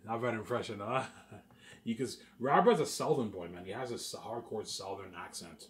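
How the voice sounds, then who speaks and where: A man's voice: fairly low pitch, animated, brisk. A young man from Canada talking in a rambling, repetitive casual monologue to his viewers, boasting about his plans. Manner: repetitive, restarts phrases, boastful daydreaming. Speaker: vlogger.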